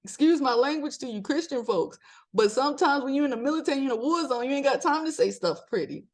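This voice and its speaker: A middle-aged woman from Maryland hosting a podcast in casual motivational talk, animated, laughing often and jumping up in pitch for emphasis. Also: quick pace. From Maryland, USA. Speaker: podcast host.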